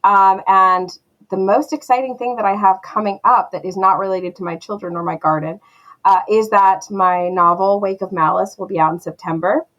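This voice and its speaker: Interview guest: a lively, self-deprecating woman with a mid-range voice. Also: mid-range voice, moderate pace, lo-fi sound. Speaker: guest author. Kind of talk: casual interview chat.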